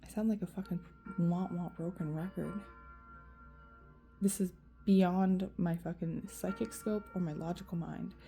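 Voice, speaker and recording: A woman's voice: fairly low pitch, steady tone, a little slow, gravelly, dark tone, faint music behind. A woman vlogger venting in a rambling, profane rant to camera, full of fillers.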